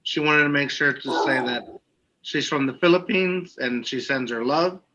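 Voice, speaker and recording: A man's voice: fairly high pitch, normal speed, muffled recording, background noise. A young man co-hosting a podcast, joking around and reading out listener questions in casual chat. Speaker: podcast co-host.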